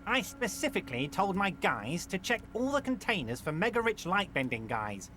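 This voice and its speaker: A huge, oily union boss in a game, with a high voice full of swooping, lively intonation. He soothes with false friendliness, while faint music plays behind him. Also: normal speed, heavily acted. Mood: oily reassuring. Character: large smooth-talking male union boss. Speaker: game character voice.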